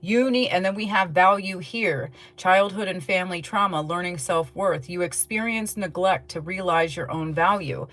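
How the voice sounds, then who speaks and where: A woman giving a casual, rambling tarot reading to her viewers, chatting in a relaxed way and yawning now and then. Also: lowish voice, moderate pace, hardly any pauses. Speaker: tarot reader.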